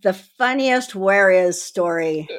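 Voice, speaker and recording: A woman hosting a podcast interview, asking questions in a relaxed, curious way. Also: medium pitch, slow. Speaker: podcast host. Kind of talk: casual interview.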